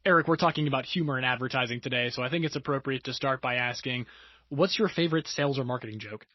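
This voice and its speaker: A man's voice: medium pitch, fast talker, no room sound, dull audio. Upbeat man hosting a podcast. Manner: upbeat, leads the discussion with questions. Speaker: podcast host. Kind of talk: casual podcast chat.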